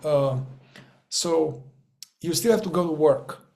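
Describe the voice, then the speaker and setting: A man with a slightly raised pitch talks through a spiritual teaching to a group. His delivery is loose and informal, full of restarts and repeated words. He swears offhandedly and acts out little inner voices. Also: slow, gravelly, darkish tone.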